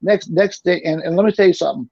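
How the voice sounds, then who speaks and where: Middle-aged male guest, gravelly, slightly high voice, rambling and repetitive, dull lo-fi sound. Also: fast talker, mellow, no room sound. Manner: rambling, repeats and restarts words. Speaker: interview guest. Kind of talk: casual storytelling. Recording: dull lo-fi recording.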